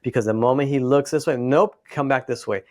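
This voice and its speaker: A man's voice: medium pitch, fairly quick, darkish tone, dry recording, studio quality. A man co-hosting a podcast, a dog trainer who tells stories in casual chat and acts out owners and dogs. He sounds slightly congested.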